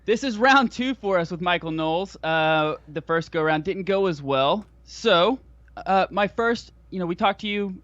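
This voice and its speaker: A man's voice: high-pitched, animated, moderate pace, a bit bright, no room sound, dull audio. A man co-hosting a talk podcast, chatting casually and eagerly. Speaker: podcast co-host. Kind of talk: casual chat.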